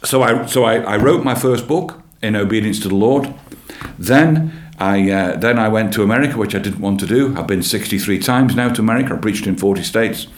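Low-voiced man telling his testimony. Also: brisk. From England. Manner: earnest storytelling, repeats phrases, animated. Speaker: church leader and guest. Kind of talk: personal testimony in an interview. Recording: roomy echo.

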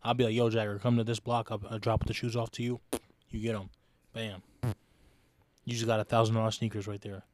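A man's voice: fairly low pitch, flat delivery, brisk, long pauses, no room sound. A young man co-hosting a podcast, blunt and teasing in casual banter. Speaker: podcast co-host. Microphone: speaking off-mic at times.

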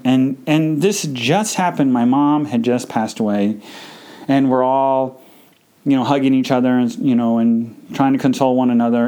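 A man hosting a podcast, telling a personal story in a halting, emotional way with many restarts, grieving and tearful. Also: medium pitch, warm tone. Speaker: podcast host.

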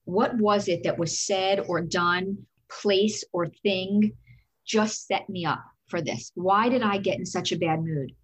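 A woman's voice: mid-range voice, fairly even intonation, slow pace. A middle-aged woman coach giving earnest advice in a casual talk, walking through steps with a string of questions. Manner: earnest, explains step by step with rhetorical questions.

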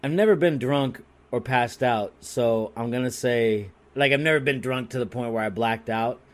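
A man telling a story on a podcast in a crude, rambling and animated way, restarting his sentences often. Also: medium pitch, normal speed. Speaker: podcast co-host. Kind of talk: casual comedic storytelling.

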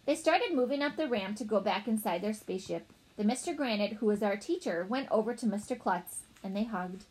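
A woman narrating a children's storybook in a playful, animated way as a young boy narrator. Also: medium pitch, brisk, slightly rough, poor audio. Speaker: audiobook narrator.

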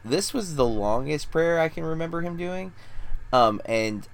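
A man's voice: on the high side, lively intonation, measured pace. A man in his thirties, a podcast co-host telling rambling, self-deprecating stories in casual chat.

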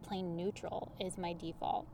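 A woman talking as a guest on a podcast, coaching people on human design in a lively, chatty way full of everyday examples. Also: fairly low pitch, measured pace, slight background noise. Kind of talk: casual conversational interview.

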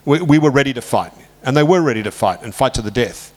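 An Australian man in his sixties talks through a long stretch of history as an interview guest. His voice sits at a middling pitch and is animated. He leaps up when he acts out other people's words. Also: quick pace. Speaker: author guest. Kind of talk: conversational interview, storytelling.

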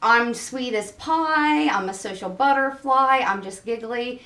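A woman's voice: on the high side, a little slow. A woman guest on a podcast, telling an anecdote in casual chat, full of "like" and swearing. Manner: animated storytelling, heavy on filler "like" and swearing. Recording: echoey room, far from mic, chatter behind.

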